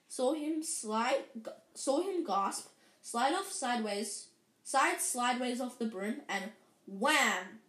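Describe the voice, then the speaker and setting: A woman reading a children's story aloud in a lively way, with frequent slips and restarts. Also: a little high. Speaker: reader. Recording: roomy echo.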